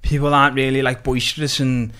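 Young Liverpool lad, podcast guest, chatty storyteller, slangy and animated. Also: male voice, medium pitch, brisk. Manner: animated, laughing, swears freely, slangy. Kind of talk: casual storytelling chat.

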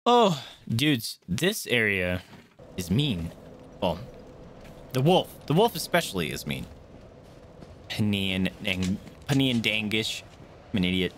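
A man with a lowish, slightly slow voice streams a video game, chatting with viewers in casual gameplay commentary. He's excitable, yelping and swearing at the game, with a little hiss or hum on the audio.

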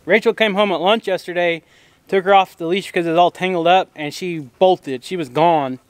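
A man's voice: high voice, brisk, smooth, no echo. A man vlogging outdoors on his farm, speaking in a plainspoken way with frequent fillers. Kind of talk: casual vlog talk.

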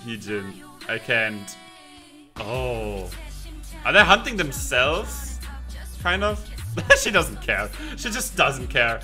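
An excitable man gives reaction commentary from his home setup. His voice is bright and swings up and down in lively jumps, with faint music playing behind him. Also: mid-range voice. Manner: animated, exclaiming, quick asides and laughs. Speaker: reaction video host.

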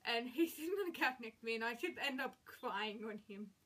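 A young woman in her late teens vents through a storytime rant, her voice sitting a touch high. She retells each clash with emphatic exasperation, leaning hard on the words that annoyed her. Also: animated, fairly quick, a bit bright, a little hiss or hum. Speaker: vlogger.

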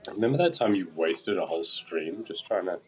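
A man's voice: low-pitched, animated, brisk, darkish tone, poor audio. A man guest on a gaming stream, wisecracking and laughing in casual banter.

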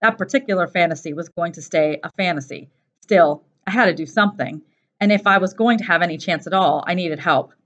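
A woman teacher reading a first-person novel aloud in a steady, plain storytelling voice. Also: fairly low pitch, a little fast. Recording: dull lo-fi recording.

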